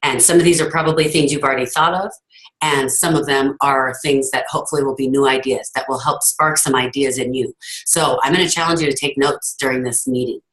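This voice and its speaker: A woman's voice: extremely low pitch, fairly even intonation, a little fast, fairly bright tone, low-quality recording. A woman giving an earnest, emphatic motivational talk over a video call, telling her story to her team. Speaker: team leader hosting a call.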